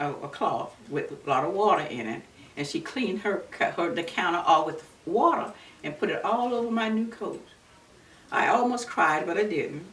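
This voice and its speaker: Older woman, low voice, roomy distant sound. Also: fairly bright tone. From Florida, USA. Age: 70s. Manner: earnest, unhurried storytelling with many restarts. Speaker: interviewee recalling civil rights activism. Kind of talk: oral history recollection. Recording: roomy, distant mic with faint background noise.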